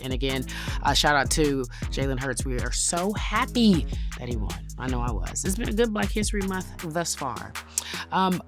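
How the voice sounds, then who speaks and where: Emphatic woman podcast host over music. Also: sits low. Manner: emphatic, conversational, builds points in counted lists. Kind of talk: podcast monologue and interview.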